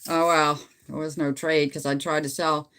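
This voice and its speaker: A woman's voice: low voice, level tone, moderate pace, a bit bright, slight background noise. A middle-aged woman from Canada chatting casually with viewers on a livestream from home on her phone, rambling and laughing often. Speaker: livestream host. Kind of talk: casual live chat with viewers.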